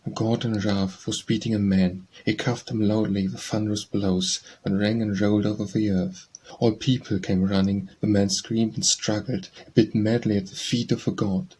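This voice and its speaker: A man with a husky voice, reading poems aloud in a measured, solemn way as an audiobook narrator. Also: fairly low pitch, flat delivery, a little mellow, slight background noise. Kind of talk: scripted poetry reading.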